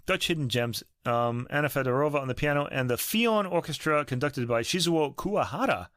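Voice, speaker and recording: A man's voice: a little high, animated, fairly quick, a bit bright, dry recording. Rambling man in his fifties, dry sound. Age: 50s. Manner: rambling, self-correcting, chuckling. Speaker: podcast co-host. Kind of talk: casual chat about classical music.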